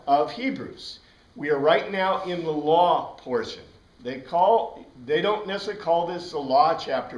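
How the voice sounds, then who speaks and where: Male Bible teacher, slightly high voice, animated and digressive, heard from a distance in an echoey classroom. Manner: animated, digressive, spells out Greek words. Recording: roomy room, distant mic.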